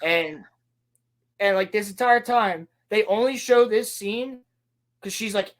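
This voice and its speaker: A man co-hosting a casual podcast, recapping a show sarcastically and mocking the characters in quick put-on lines. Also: sits high, a bit bright. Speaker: podcast co-host.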